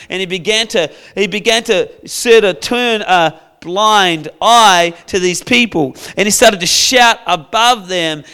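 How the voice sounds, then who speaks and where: A male preacher tells a Bible story in a playful, storytelling manner. His voice sits fairly high for a man. The tone is smooth and clear. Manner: storytelling, playful, acts out characters with shouts. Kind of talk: sermon.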